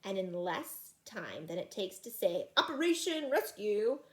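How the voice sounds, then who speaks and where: A woman reading a children's chapter book aloud in an expressive, animated way. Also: lowish voice, a little slow. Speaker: reader.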